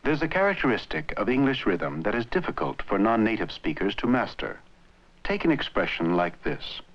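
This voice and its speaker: A man giving measured, scripted narration for an old educational film on language. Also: on the low side, very animated. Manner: measured, explanatory. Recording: dull lo-fi old film soundtrack.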